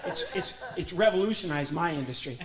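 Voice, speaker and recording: Middle-aged male ventriloquist comedian from Illinois, slightly high voice, rambling self-deprecating stage patter in a church. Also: animated, fairly quick, roomy sound, a loud crowd. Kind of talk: live stand-up comedy. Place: church stage before an audience.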